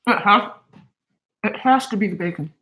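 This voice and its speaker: A woman's voice: medium pitch, animated, normal speed, sharp tone, echoey room, poor audio. A woman talking casually to camera in her home kitchen, gushing and emotional as she eats. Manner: gushing and emotional, talks while eating. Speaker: cooking vlogger.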